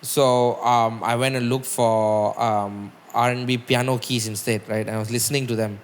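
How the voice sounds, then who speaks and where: A man, a guest musician, tells stories on a casual podcast in an animated way, swearing and using a lot of "like". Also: mid-range voice, normal speed, in a large hall, a little hiss or hum.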